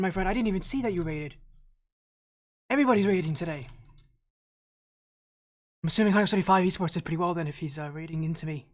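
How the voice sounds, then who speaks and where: A man's voice: sits high, quick pace, pauses often. A man streaming as an esports caster, chatting casually with viewers, slightly out of breath, rambling with restarts. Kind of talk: casual live-stream chat.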